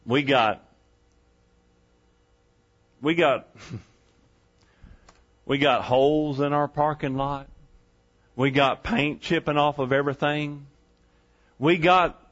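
A man's voice: fairly high pitch, slow, long pauses, fairly bright tone, muffled recording. A male pastor preaching a sermon in a church, folksy and conversational, asking the congregation rhetorical questions. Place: church sanctuary.

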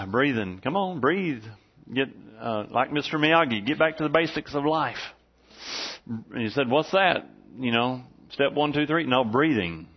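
A man's voice: mid-range voice, lively intonation, measured pace, slightly rough. A man in his forties, a pastor giving a folksy, conversational sermon to a congregation in a church, with lots of "uh" fillers. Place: church sanctuary before a congregation. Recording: dull, slightly muffled recording.

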